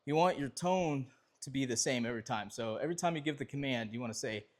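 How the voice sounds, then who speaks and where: A man's voice: mid-range voice, fast. A man explaining dog obedience training in a casual, rambling way, often restarting his sentences.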